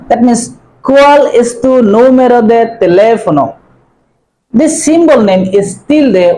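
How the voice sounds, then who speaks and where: Slow, careful woman teaching a lesson. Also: on the high side, mellow, rough recording. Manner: repeats phrases slowly, drawing out words. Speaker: language teacher. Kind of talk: slow spoken language lesson.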